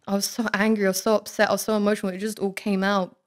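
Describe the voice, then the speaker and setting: A woman's voice: medium pitch, little pitch movement, fast, few pauses. A young woman giving a candid, earnest personal faith testimony in church, talking casually with many "like"s. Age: young adult. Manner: candid, earnest, heavy use of "like". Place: student living in Oxford.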